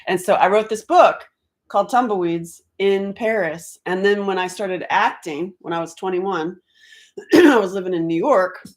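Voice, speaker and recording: A middle-aged woman from North Carolina chatting on a live stream at home, rambling and quick to laugh. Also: medium pitch. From Asheville, North Carolina, US. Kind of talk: casual live-stream chat. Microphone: laptop computer mic.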